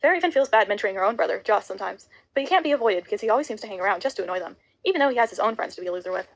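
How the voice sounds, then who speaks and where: A woman reading a novel aloud, rushing and often stumbling over words. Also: medium pitch, animated, vocal fry, rough recording. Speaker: audiobook reader.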